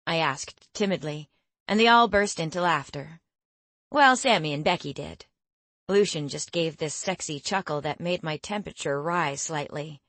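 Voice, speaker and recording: Woman narrating an audiobook, low-pitched. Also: a little slow, a bit bright, no room sound. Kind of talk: scripted first-person narration.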